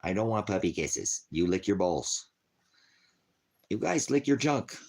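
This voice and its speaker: A man's voice: fairly low pitch, very animated, a little slow, vocal fry, a little mellow, slightly rough. A man hosting a rambling casual livestream, joking crudely and talking baby talk to his dogs at home. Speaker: livestream host.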